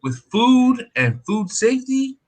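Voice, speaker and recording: A man's voice: very high voice, slow pace. A man hosting a live group chat, telling a story and acting out the people in it, with frequent restarts. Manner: animated, acts out the people in his stories; repeats and restarts words as he talks. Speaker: barbecue cook and show host.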